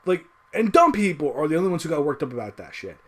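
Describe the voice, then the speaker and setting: A video creator rants alone to camera, frustrated and swearing constantly in fast, loose, emphatic speech full of restarts and fillers. His slightly high voice swings widely in pitch as he drives his points home with heated, profane energy.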